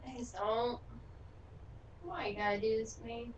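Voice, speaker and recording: A woman's voice: a little high, steady tone, a little slow, highs cut off. A woman friend in casual chat, teasing and exasperated. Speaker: friend of the streamer. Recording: roomy, distant mic, faint room hum.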